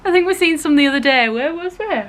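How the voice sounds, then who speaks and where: A woman's voice: high-pitched, fairly bright tone. A young woman, heavily pregnant, chatting casually and gushing in a vlog, with the odd swear. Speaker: vlogger.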